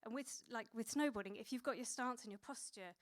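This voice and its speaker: A woman's voice: a little high, a little fast. A woman in her thirties preaching a sermon in a conversational way, with many fillers and restarts.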